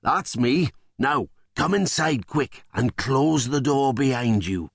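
A man's voice: mid-range voice, animated, slow pace, creaky, husky, no room sound, clean studio sound, pitched above the performer's own voice, heavily acted. A man voicing a jittery, clumsy male Diplodocus miner who stammers in panic, in a children's audiobook. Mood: nervous. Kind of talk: audiobook character voice.

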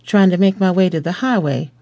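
A man doing a gentle, nervous young driver. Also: high voice, brisk, creaky, no room sound, highs cut off. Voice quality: gentle and deferential. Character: polite, nervous young man stopped by police.

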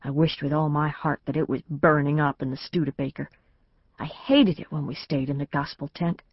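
A woman's voice: sits low, steady tone, moderate pace, dry recording. A woman narrating a novel in the first person, in a plain storytelling manner. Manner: plain storytelling, lifts her voice for the family's lines. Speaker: audiobook narrator. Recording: dry, slightly dull studio recording.

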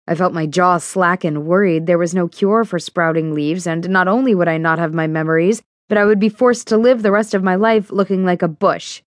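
A woman reads a first-person novel aloud in a steady, even manner. Her voice sits a little low, and the close studio recording is dry with no room sound. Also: moderate pace, dry recording. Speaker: audiobook narrator. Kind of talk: scripted first-person narration.

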